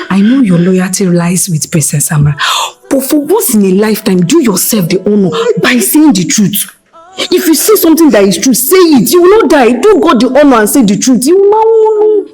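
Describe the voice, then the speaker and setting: An actress with a Nigerian accent playing a sly palace servant who fusses and scolds. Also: female voice, mid-range voice, expressive, moderate pace, warm tone, husky, soft background music. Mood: insistent. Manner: scolding, fussy. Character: scheming palace servant woman, meddling and sly. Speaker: supporting actress. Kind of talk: film drama acting.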